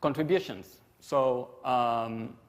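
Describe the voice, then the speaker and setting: A man's voice: medium pitch, takes it slowly, in a large hall. Chatty, self-deprecating male conference speaker. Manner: chatty and self-deprecating, with frequent restarts and asides. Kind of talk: humorous conference presentation. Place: lecture hall at a conference.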